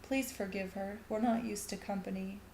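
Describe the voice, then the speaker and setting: A woman's voice: medium pitch, fairly even intonation, normal speed, gravelly, dark tone, slight background noise, close to an everyday voice. A woman voicing a distracted, anxious mother who talks in a fretful, apologetic way, in a story reading in an echoey room.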